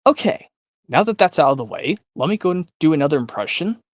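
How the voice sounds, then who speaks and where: Lively, rambling streamer on a dull dry mic. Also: mid-range voice, brisk, no room sound. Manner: rambling, chatty, often thinks aloud with hums and restarts. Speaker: streamer hosting an impressions game. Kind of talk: casual rambling stream chat.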